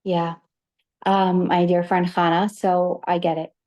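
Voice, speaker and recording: Woman, host, soft-spoken, sympathetic, flat delivery, low voice. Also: a little slow. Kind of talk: interview.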